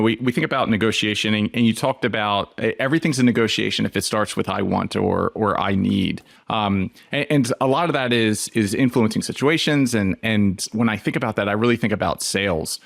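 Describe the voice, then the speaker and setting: Low-voiced man hosting a podcast, dry sound. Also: a little fast, creaky, few pauses, no room sound. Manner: hesitant, repeats words while forming questions. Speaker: podcast host. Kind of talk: interview questions.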